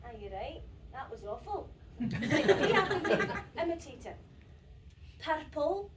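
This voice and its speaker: A stubborn, sharp-tongued Scottish patient, played by a woman in a high voice with a Scottish accent and blunt, teasing retorts. The stage play is recorded from far back, so it is echoey. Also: big pitch swings, measured pace, very noisy. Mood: mocking, playful. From Scotland. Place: theatre stage.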